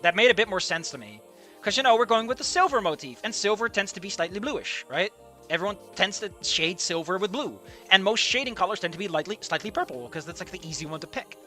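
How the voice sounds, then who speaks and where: A young man streaming a game and ranting, excitable and swearing, jumping from loud outbursts to low muttering. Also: fast talker, faint music behind. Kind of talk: live reaction commentary.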